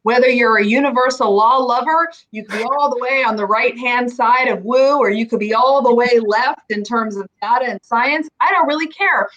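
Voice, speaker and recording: A woman with a fairly high voice leads a coaching talk. She speaks emphatically and keeps pausing to check in with her listener. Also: a bit bright, dull audio. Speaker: mindset coach. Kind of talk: energetic coaching conversation.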